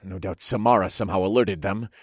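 A man narrating a first-person fantasy story in a steady, low-key manner. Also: fast, no room sound, clean studio sound.

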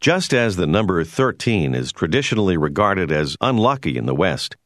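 A man giving a scripted, measured narration for a language course. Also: low-pitched, big pitch swings, dry recording, clean studio sound. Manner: measured, explanatory.

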